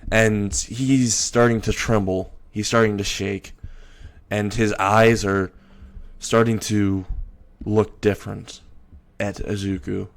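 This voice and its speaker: A young man narrating an improvised story in a loose, halting way with frequent restarts. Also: lowish voice, flat delivery, vocal fry.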